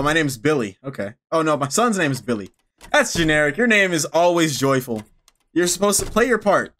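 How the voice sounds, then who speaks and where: A man's voice: a little high, fairly bright tone. Joking young man playing horror games. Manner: joking, profane, talks back to the game. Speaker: gaming YouTuber. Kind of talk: let's-play commentary.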